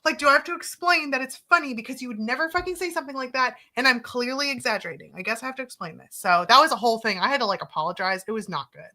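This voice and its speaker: A woman with a high, bright voice co-hosts a casual podcast chat. She jokes a lot and acts out whole conversations with big, rising exclamations. Her delivery stays animated and expressive. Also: very fast, hardly any pauses. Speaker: co-host, therapist.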